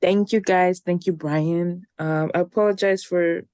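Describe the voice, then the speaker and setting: Tired young woman host rambling thru a podcast outro, lowish voice, dry close sound. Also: steady tone, unhurried, a little mellow, clear, resonant tone, no echo. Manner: rambling, restarts often, tired. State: tired, yawning. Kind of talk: casual podcast chat.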